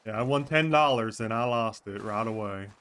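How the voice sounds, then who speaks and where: A man's voice: fairly low pitch, moderate pace, fairly bright tone. A man streaming a role-play game, chatting casually with viewers, thinking aloud and swearing freely. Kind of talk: casual out-of-character chat with viewers.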